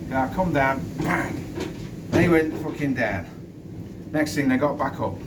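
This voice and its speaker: A man's voice: medium pitch, animated, unhurried. Blunt, sweary former doorman outdoors. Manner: blunt, sweary, stop-start storytelling. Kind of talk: casual storytelling to camera. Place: outdoors in the wind. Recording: distant mic with wind noise.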